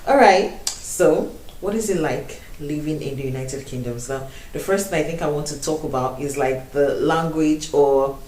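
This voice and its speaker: A young woman with a Nigerian accent talks to her camera in a chatty, laughing way, now and then dropping into Pidgin. Her voice sits a little low. She is recorded at some distance from the mic in a room with a clear echo. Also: moderate pace, darkish tone. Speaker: vlogger. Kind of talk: casual vlog talk to camera.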